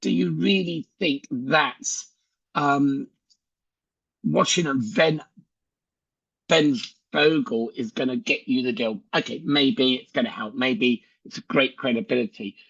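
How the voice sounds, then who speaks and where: A man's voice: mid-range voice, measured pace, creaky, fairly bright tone, husky, no room sound, lo-fi sound. A man giving a chatty sales training talk on a video call, telling stories and acting out conversations. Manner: chatty storyteller who acts out dialogue.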